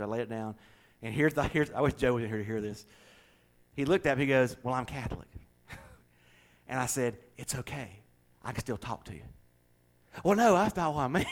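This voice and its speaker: Southern pastor telling a story. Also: male voice, mid-range voice. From American South. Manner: animated storyteller, chuckles, repeats words. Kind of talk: casual chat with co-hosts.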